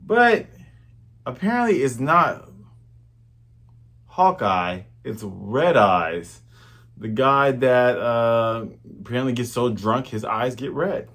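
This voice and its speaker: A man casually recapping a manga chapter, retelling it with lively energy and acting out the characters. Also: medium pitch, slow, long pauses. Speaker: manga reviewer.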